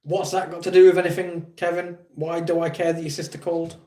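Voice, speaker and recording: A man's voice: on the high side, little pitch movement, fast, mellow. An English man hosting a casual livestream, reading viewers' chat aloud and answering with blunt, teasing remarks. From England. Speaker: livestream host.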